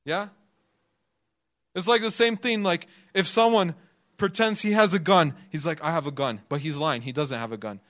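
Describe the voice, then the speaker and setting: A young man delivers a sermon with a slightly raised pitch. He talks to the congregation in a loose, chatty way, laughing often and acting out the people in his stories. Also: moderate pace, fairly bright tone. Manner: conversational, laughs often, acts out quotes in the story. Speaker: preacher.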